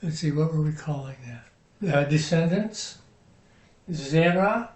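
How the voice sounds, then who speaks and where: Guy teaching hebrew words real slow, kinda high voice, echoey room, mic far off. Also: a little mellow. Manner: slow, patient, spells out words and stresses. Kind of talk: classroom vocabulary lesson. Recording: roomy sound from a distant mic.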